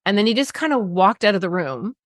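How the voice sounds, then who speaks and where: A woman, a parenting expert telling stories in an interview, animated, acting out quotes and laughing often. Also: mid-range voice, fast, no echo, clean studio sound. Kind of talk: conversational storytelling interview.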